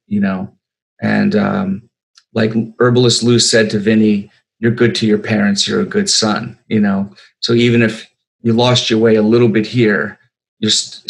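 A man's voice: lowish voice, gravelly, poor audio. A middle-aged man, a filmmaker, answering interview questions in a rambling way with many fillers and restarts. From United States.

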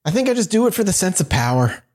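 A man reading as a calm, nonchalant male caller. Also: high voice, quick pace, pitched above the performer's own voice. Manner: flat, nonchalant answers.

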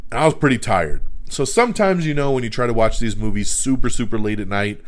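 Guy doing a casual movie review podcast, mid pitch, lots of ums and restarts. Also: animated, quick pace. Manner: hesitant, many fillers and restarts.

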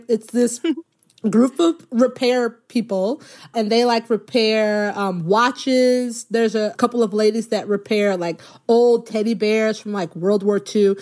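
A woman comedy writer chatting casually, telling stories in an animated way and acting out what people said. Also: fairly high pitch. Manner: animated storytelling, acts out quoted people. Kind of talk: casual chat.

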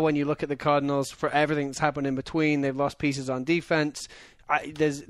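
A man's voice: a little high, fairly bright tone, no room sound. A man co-hosting a casual football talk show in a studio, easygoing and plain in how he explains things. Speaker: co-host.

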